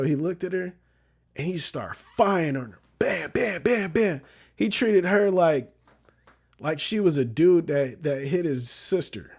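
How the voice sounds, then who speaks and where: Slangy man telling a story, higher voice. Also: darkish tone. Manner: slangy, loose, keeps asking "you know what I mean". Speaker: vlogger. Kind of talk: casual storytelling commentary.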